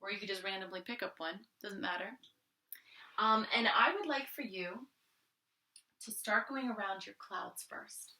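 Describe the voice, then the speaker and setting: A woman's voice: mid-range voice, measured pace, far from the mic. Encouraging art teacher woman, echoey room. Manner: gentle, encouraging, thinks aloud while drawing. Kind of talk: friendly step-by-step art lesson.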